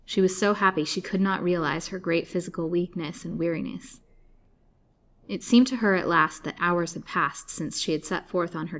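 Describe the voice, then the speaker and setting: A woman storyteller reading an old serialized novel aloud in a measured, dramatic way. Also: lowish voice. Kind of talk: scripted narration of a serialized novel.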